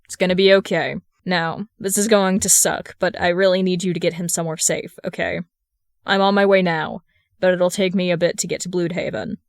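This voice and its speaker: A woman voicing a gruff, protective young male vigilante with a brusque manner. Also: medium pitch, fairly even intonation, moderate pace, hardly any pauses, no echo, clean studio sound, natural voice.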